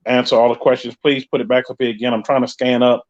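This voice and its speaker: A man's voice: mid-range voice, level tone, quick pace. Host: New York man, chatty and joking, reading comments live, dull lo-fi sound. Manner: chatty, joking, reads viewer comments aloud. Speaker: podcast host. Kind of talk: casual live-stream chat reading comments.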